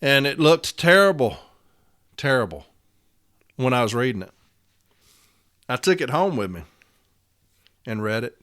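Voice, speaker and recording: Emphatic man with a bright voice. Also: mid-range voice, big pitch swings, a little slow, long pauses. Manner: emphatic, repetitive, preacher-like cadence; swings between loud declarations and quiet storytelling. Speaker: union steward and podcast host. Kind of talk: impassioned monologue.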